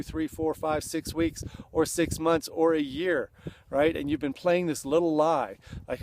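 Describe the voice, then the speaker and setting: A man's voice: a little high, a little mellow. A middle-aged man coaching other men in a direct-to-camera talk, earnest and plain-spoken, acting out blunt confessions. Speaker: men's coach.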